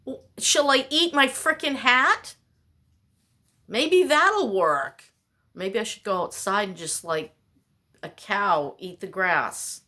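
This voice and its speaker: A woman's voice: medium pitch, expressive, slow, pushed and bright. A woman vlogger delivering a rambling, exasperated, self-mocking monologue.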